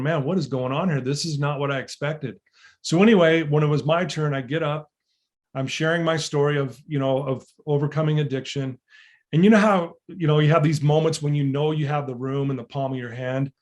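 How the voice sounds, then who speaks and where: Male motivational speaker, earnest storyteller, slightly high voice, emphatic peaks. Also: darkish tone. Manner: earnest, builds to emphatic peaks, frequent fillers. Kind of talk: storytelling talk to an audience.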